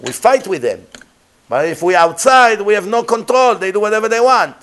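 Male rabbi, Torah lecture; emphatic storyteller, slightly high voice, non-native English peppered with Hebrew. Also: normal speed. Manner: emphatic, animated, switches into Hebrew phrases.

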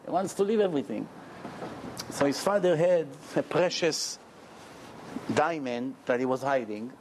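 A man telling a lively, joking story in a Torah lecture and acting out the characters as he goes. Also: on the high side, a little slow, noisy background. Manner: animated, jokey storyteller who acts out characters. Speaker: rabbi giving a Torah lecture. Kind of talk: storytelling sermon.

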